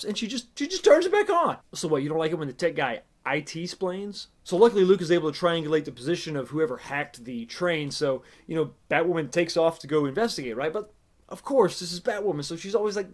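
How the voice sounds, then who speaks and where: A man casually reviewing a TV episode in a sarcastic, exasperated, rambling way. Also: fairly high pitch. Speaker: TV show reviewer.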